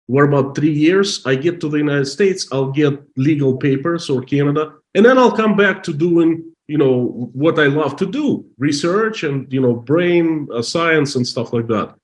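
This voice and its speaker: A man's voice: on the high side, lively intonation. Russian-accented man telling an emotional story. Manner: halting, restarts often, emotional. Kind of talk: casual storytelling.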